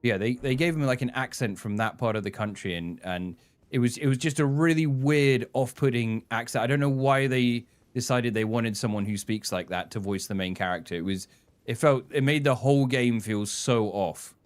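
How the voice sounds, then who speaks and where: A man giving rambling live-stream commentary while he plays, swearing and reacting out loud. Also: mid-range voice, normal speed. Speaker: gaming streamer.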